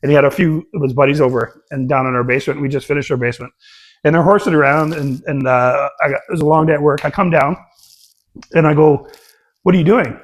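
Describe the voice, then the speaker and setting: Jokey middle-aged man with a higher voice. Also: fairly even intonation, quick pace. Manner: jokey, laughs often, reflective. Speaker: podcast co-host. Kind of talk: casual chat.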